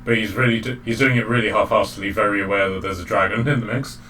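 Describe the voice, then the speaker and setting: A man narrating as game master of a tabletop game, halting often with fillers and restarts. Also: on the low side, fairly even intonation, sharp tone. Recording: distant mic, faint background noise.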